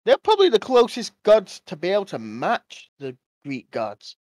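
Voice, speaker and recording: A man co-hosting a casual gaming podcast, talking in an animated way and acting out what others say. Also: sits high, normal speed, no echo, studio quality. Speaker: podcast co-host. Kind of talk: casual chat.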